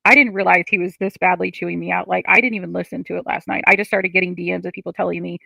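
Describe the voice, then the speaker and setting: A frustrated woman venting on her livestream between chat comments, with a heavily gravelly, fry-laden voice. Her tone is bright and tense, and she swears freely. The sound is dry and close. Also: fairly low pitch, steady tone, rapid-fire, no echo. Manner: frustrated, ranting, swears often.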